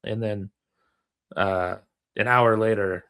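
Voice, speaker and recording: A man, a comedian, telling a story in relaxed casual chat over a remote call, with plenty of fillers. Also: fairly low pitch, slow pace. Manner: relaxed, rambling with many fillers.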